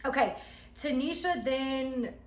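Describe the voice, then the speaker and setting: A woman casually recapping a reality show episode she was in, telling it in an animated, emphatic way. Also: high voice, slow pace. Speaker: reality show cast member reviewing her episode. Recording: echoey room.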